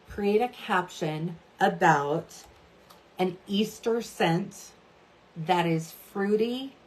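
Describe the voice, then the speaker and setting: A woman's voice: on the low side, a little mellow. A woman in her thirties giving a chatty social media tutorial, often checking in with "right?" and "okay?". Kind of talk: casual tutorial talk to camera.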